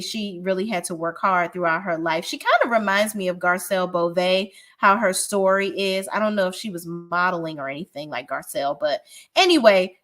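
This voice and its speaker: A woman's voice: lowish voice, a bit bright. A woman giving a casual, blunt and profane recap of a reality show, often restarting her sentences as she talks. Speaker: reality TV reviewer.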